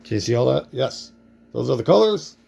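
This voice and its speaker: A man's voice: mid-range voice, sing-song, a little fast, gravelly, warm tone, breathy edge. A man narrating his own board game play-through, thinking aloud and reacting to dice rolls.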